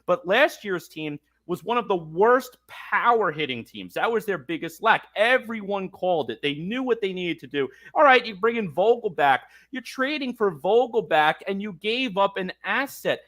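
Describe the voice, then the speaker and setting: On his sports talk podcast, a host with a high, slightly bright voice and lively intonation rants about his team in a fired-up, exasperated way, mocking quotes. He keeps a moderate pace with hardly any pauses.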